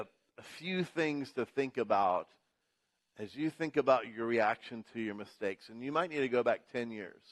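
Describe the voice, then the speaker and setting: A pastor preaching a sermon in church, building emphasis through rhythmic repetition. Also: male voice, mid-range voice, fairly bright tone.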